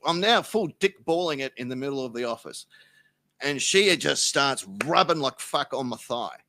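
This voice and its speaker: A man's voice: mid-range voice, bright, forceful tone, dry recording. An Australian man, a podcast guest, telling a rambling, profane anecdote in casual chat. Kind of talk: casual storytelling.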